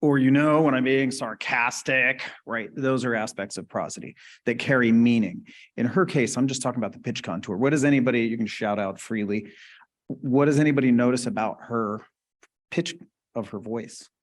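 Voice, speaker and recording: A man with a medium-pitched voice presents a webinar at a moderate pace, lecturing conversationally. He explains things casually and often checks in with "right?" and questions for the audience.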